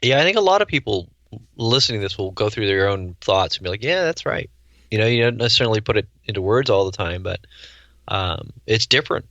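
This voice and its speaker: A man's voice: fairly low pitch, expressive, fast, a bit bright, no echo, dull audio. A middle-aged man, a guest on a podcast, talking casually with dry wry humor and sometimes acting out other people's voices. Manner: dry, wry storyteller who acts out voices. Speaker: guest chef and hunter. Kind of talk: casual interview chat.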